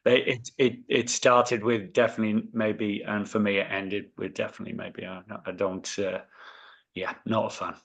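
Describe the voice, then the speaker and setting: A man's voice: fairly low pitch, little pitch movement, moderate pace, a bit bright. A man co-hosting a podcast, telling a story in casual chat, laughing and swearing now and then. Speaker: podcast co-host.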